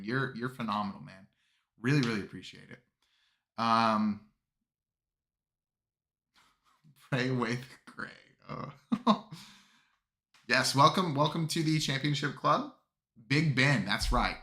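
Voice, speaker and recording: A man's voice: medium pitch, pushed and bright. A man chatting casually on a livestream as host, rambling with many fillers and restarts, and chuckling often. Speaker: streamer reviewing army lists.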